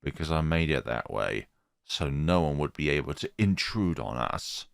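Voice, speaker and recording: A man voicing a creepy, obsessive male schoolteacher who speaks in a low, slow, menacing croon. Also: animated, gravelly, smooth, no echo, clean studio sound, heavily acted. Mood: creepy adoring.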